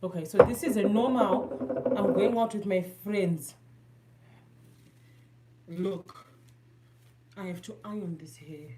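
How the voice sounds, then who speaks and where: A woman's voice: mid-range voice, slow pace, pauses often, noisy background. A woman from Zimbabwe with a Zimbabwean accent, chatting casually through a makeup tutorial, self-mocking and mixing English with Shona. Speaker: beauty vlogger.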